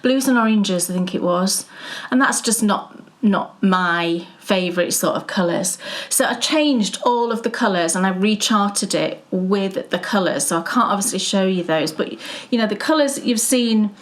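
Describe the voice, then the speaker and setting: A woman co-hosting a casual knitting chat, chatty and excitable. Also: mid-range voice, moderate pace. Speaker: podcast co-host.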